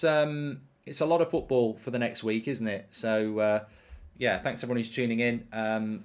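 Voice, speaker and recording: Brief: male host chatting through a live match watchalong, loose and rambling. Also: mid-range voice. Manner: chatty, rambling, lots of ums. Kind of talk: live football watchalong commentary.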